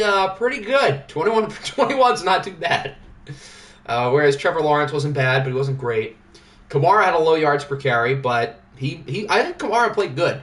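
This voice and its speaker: A livestream host with a fairly high, slightly bright voice goes over the results of a simulated football league. He's chatty and joking, thinking aloud as he delivers casual sports sim commentary.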